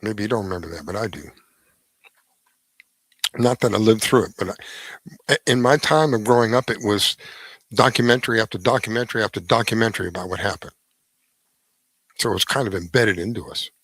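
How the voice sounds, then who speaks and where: A man's voice: lowish voice, a little fast, long pauses, a bit bright, breathy edge, dry recording, low-quality recording. A middle-aged man hosting a radio show, giving a rambling opinion monologue with restarts and heavy emphasis.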